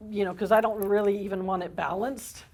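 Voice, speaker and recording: A woman giving a live parenting workshop to an audience, talking in an energetic, animated way and laughing often. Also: mid-range voice, fairly quick.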